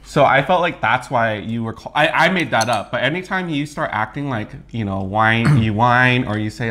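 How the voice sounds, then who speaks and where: Teasing young man with a lively voice. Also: medium pitch, brisk. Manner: teasing, chatty, laughs often. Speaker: co-host of a mukbang channel. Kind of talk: casual chat while eating.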